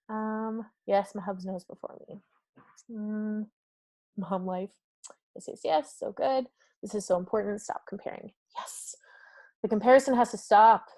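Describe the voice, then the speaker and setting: A woman hosting a live-streamed motivational talk, energetic and effusive, laughing often and reading viewers' comments aloud. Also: medium pitch, dry recording. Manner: talks directly to viewers and reads comments aloud. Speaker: summit host.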